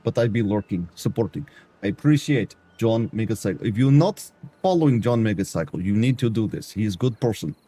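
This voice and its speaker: A man putting on a bad Eastern European accent to play a boastful male negotiator from his Dungeons and Dragons game. He talks in deadpan, broken grammar on a live stream. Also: on the low side, a little fast, slightly rough, no echo. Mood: mock-serious. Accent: put-on bad Eastern European.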